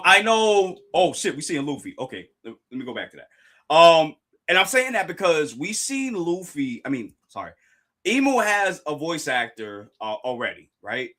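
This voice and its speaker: An excitable man hosts a live reaction stream, talking in slangy bursts and repeating his lines. His voice is bright and sharp, and his pitch swings widely. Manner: reads dialogue aloud in a dramatic low voice.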